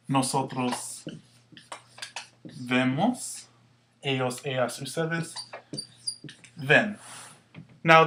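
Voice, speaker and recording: A man teaching a Spanish lesson, explaining slowly and patiently with some fillers. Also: medium pitch, bright, forceful tone, slight background noise. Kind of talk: recorded classroom lesson.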